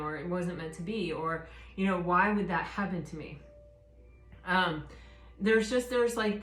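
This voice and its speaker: Casting note: woman, low-pitched, relaxed tarot reader with a meandering delivery, in an echoey room. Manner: rambling, gentle, many fillers and restarts. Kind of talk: casual spoken tarot reading.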